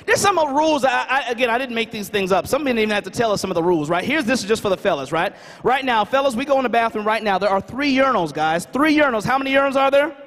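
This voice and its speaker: A man giving a comedic storytelling keynote at a conference, animated and always checking in with the crowd. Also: very high voice, fast, hardly any pauses. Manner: animated, asks the crowd questions, fond of "right?". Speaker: conference speaker. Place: conference hall stage. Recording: reverberant conference hall.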